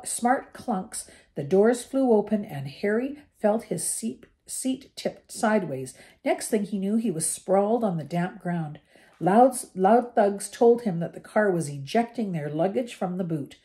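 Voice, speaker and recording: Mellow grandmother reading a storybook aloud. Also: lowish voice. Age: older. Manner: gentle reading with small slips and restarts. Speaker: storybook reader for her grandchildren.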